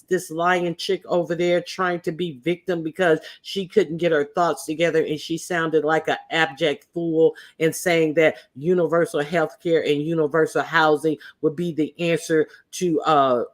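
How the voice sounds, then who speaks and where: A woman hosting a casual livestream, swearing freely and speaking bluntly. She trips over fillers and restarts as she rants. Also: sits low. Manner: hesitant, lots of fillers and restarts; sassy, blunt, profane. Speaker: livestream host.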